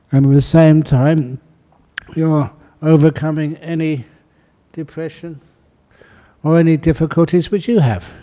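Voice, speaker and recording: A man, a Buddhist monk, speaking calmly and gently to a meditation group, then guiding a meditation. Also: on the high side, clear, resonant tone. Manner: calm, unhurried, gently spoken. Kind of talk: talk and guided meditation. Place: meditation hall with an audience.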